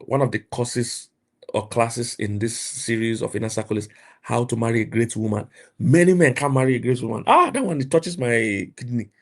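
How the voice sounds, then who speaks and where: A middle-aged Nigerian man with a Nigerian accent, preaching and mentoring emphatically, repeating himself and rising to loud outbursts. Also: medium pitch. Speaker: pastor and mentor. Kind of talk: motivational preaching.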